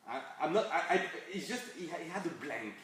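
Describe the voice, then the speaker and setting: A guest speaker from France, this man gives a chatty workshop talk in a French accent, packed with fillers, restarts, and laughs. His voice is on the high side, animated, fairly quick, and a bit bright, with slight background noise. He's recorded from far off in an echoey event hall with an audience present.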